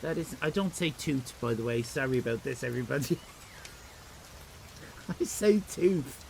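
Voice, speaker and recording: A man's voice: mid-range voice, expressive, moderate pace, vocal fry, slight background noise, rough recording. A middle-aged Irish man streaming live, rambling and self-mocking in casual chat with his viewers. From Ireland.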